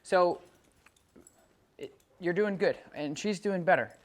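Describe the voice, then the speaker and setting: A woman's voice: on the low side, slow. A woman dog trainer teaching a client how to handle a dog on a leash, often restarting her sentences as she explains. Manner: coaching, repeats words and restarts sentences. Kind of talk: hands-on dog training instruction.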